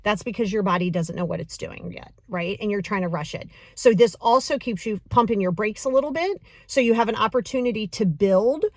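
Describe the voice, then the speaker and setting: A woman coaching a breathing exercise in a casual, encouraging, chatty way, counting slowly. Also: mid-range voice, no room sound, studio quality. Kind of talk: casual guided breathing lesson.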